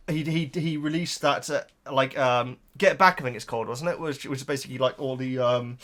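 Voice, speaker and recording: A man's voice: medium pitch, a bit bright. A man hosting a reaction video, chatting in a rambling, hesitant way, emotional and close to tears. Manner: rambling, hesitant, full of fillers and repeated words. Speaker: YouTube reaction host. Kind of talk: casual reaction chat to camera.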